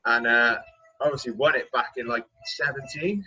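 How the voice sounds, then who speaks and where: Bright-voiced man, casual chat. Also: mid-range voice, normal speed, husky. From Wales. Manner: jokey, laughing asides. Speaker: podcast host, pro cyclist. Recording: dull lo-fi sound, faint music.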